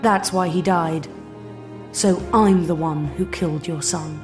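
Woman reading a quiet guilt-laden doctor. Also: fairly low pitch, fairly even intonation, faint music behind, natural voice. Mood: somber. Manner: soft, quiet and measured. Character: calm, guilt-laden male space doctor. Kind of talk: audiobook character voice.

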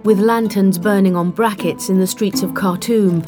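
A woman narrating a story in scripted, even tones, mid-range voice. Soft music runs faintly underneath. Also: mid-range voice, moderate pace. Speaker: audiobook narrator.

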